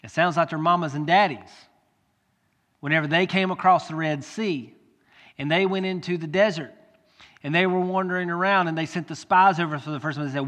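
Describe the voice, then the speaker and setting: A man's voice: fairly high pitch, brisk. Earnest preacher man in a reverberant hall. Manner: earnest, rises to loud pleading when quoting. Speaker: pastor. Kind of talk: sermon. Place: church sanctuary. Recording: long church hall reverb.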